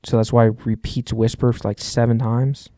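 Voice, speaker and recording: A man's voice: medium pitch, little pitch movement, a little fast, dark tone, no echo, clean studio sound. A man co-hosting a podcast, arguing his point insistently in casual chat and restarting his sentences. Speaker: podcast co-host.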